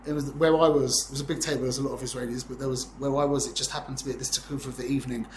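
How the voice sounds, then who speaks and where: A man's voice: medium pitch, fairly even intonation, rapid-fire, a little hiss or hum. Man in his forties teaching, roomy echo. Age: 40s. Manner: rambling, conversational, peppered with "yeah?" checks. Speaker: Torah teacher. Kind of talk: informal class lecture.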